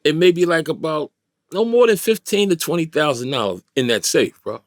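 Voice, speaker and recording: A man's voice: fairly high pitch, very animated, brisk, no room sound. A middle-aged man from New York, a guest in a studio interview, telling a vivid street-style story and acting out the voices of others.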